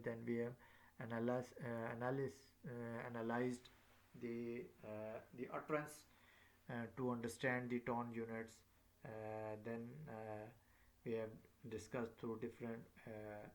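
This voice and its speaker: Guy lecturing really slowly, lots of uhs and restarts, sings out example phrases to show the tones. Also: medium pitch. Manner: slow and halting, many fillers and repeats; demonstrates rising and falling tones on example phrases. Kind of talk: recorded lecture.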